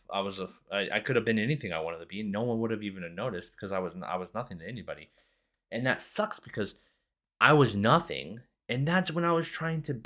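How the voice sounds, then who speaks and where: A young man hosting a podcast, telling casual stories with heavy swearing and animated quoted voices. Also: low-pitched. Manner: profane, animated, acts out quotes. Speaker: podcast host. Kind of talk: casual storytelling.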